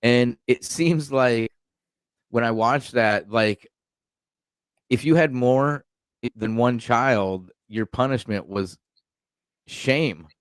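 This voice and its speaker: A man hosting a podcast, chiming in with quick agreement and talking through hesitant fillers. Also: mid-range voice, clean tone, dry recording. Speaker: podcast host. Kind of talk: casual podcast chat.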